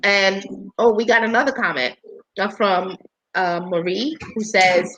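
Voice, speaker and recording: A woman with a slightly congested voice talks casually about her patients as a healthcare worker on a panel. Her pitch sits in the middle, and she often restarts sentences and fills pauses with "um.". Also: pushed and bright, low-quality recording. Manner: conversational, with frequent restarts and fillers.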